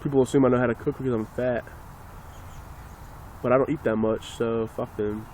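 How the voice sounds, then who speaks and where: A man's voice: mid-range voice, steady tone, brisk, a little mellow. Guy ranting on his phone outside, swears a lot, rambles, faint traffic behind. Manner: profane, rambling, sarcastic. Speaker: vlogger. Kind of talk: casual ranting monologue.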